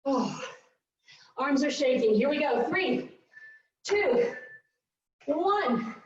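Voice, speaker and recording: A woman's voice: high voice, lively intonation, drawn-out words. A woman fitness coach calling out a workout with upbeat countdowns and whoops, out of breath from exercising along. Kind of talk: live workout instruction. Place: large fitness studio. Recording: echoey, distant, dull studio recording.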